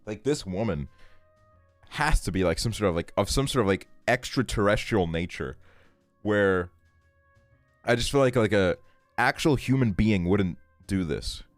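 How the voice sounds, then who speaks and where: Young male streamer, profane and animated, dry close sound. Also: on the low side, unhurried, long pauses, dry recording, faint music behind. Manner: profane, ranting, laughs often. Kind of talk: casual streaming chat.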